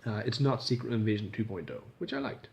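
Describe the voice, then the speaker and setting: A man's voice: on the low side, expressive, quick pace, vocal fry, a little mellow, highs cut off. Rambling, casually swearing man reviewer. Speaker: video reviewer.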